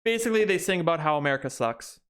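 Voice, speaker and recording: A man's voice: fairly high pitch, expressive, very fast, a bit bright. A young man co-hosting a podcast, chatting casually and rambling with frequent restarts. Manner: rambling, restarts sentences often. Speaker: podcast co-host. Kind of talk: casual chat.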